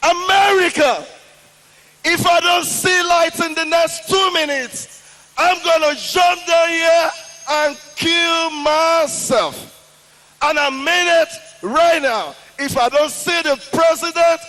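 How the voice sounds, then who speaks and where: A desperate man yells his threats at the top of his lungs, as a comedian acts him out. His voice rings out with long hall reverb. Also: very high voice, voice pushed up, exaggerated voice. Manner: yelling threats.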